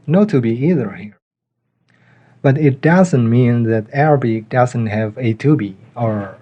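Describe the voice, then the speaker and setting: Man, patient grammar teacher, dark mellow tone. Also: mid-range voice, highs cut off. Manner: slow, methodical, reads out example sentences. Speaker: language teacher. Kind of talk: explanatory grammar lesson.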